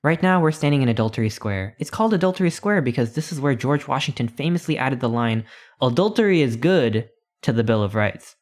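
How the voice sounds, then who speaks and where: A man's voice: medium pitch, lively intonation, a little fast, close to an everyday voice. A man voicing a pompous old tour guide in colonial dress, read from a text adventure. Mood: proud lecturing. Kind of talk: reading a text adventure aloud.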